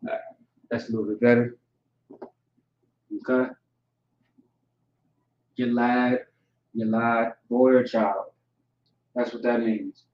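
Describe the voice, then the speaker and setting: A man giving an informal vocabulary lesson, repeating each word slowly and checking in with "all right" and "okay". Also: medium pitch, steady tone, slight background noise. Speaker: language teacher. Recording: echoey room, dull lo-fi sound.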